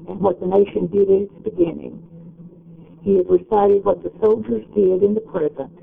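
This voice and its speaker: A man giving an explanatory lecture in a measured, step-by-step way. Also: high-pitched, creaky, phone-quality sound.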